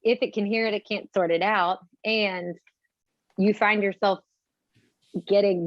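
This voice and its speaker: A woman speaking as an audiologist guest in an interview, explaining in a measured way with examples. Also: mid-range voice, dry recording, lo-fi sound.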